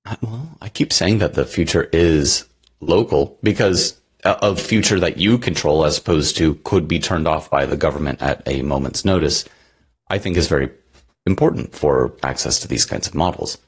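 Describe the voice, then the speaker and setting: Speaking at a normal speed, a man with an extremely low, husky voice rambles through a casual podcast conversation as co-host, leaning heavily on filler words.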